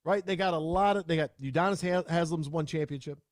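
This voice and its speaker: A man hosting a sports talk radio show in a fired-up, ranting style. His voice sits a bit high, and he keeps restarting his sentences as he gets worked up. The sound is dry and close on a studio mic. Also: a little fast, no room sound.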